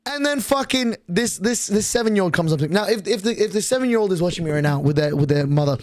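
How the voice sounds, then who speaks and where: A young man with a high, bright voice tells a story on his stream, swearing freely and slipping into little voices for the people in it. He talks close to the mic, and the sound is dry and tight with no room around it. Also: fast talker, few pauses, no echo. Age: young adult. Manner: excitable, profane storytelling with voiced quotes.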